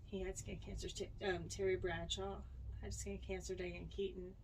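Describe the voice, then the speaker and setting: A woman's voice: mid-range voice, level tone, normal speed, darkish tone, a little hiss or hum. A woman co-hosting a casual podcast chat, listing items from notes in a matter-of-fact way. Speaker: podcast co-host.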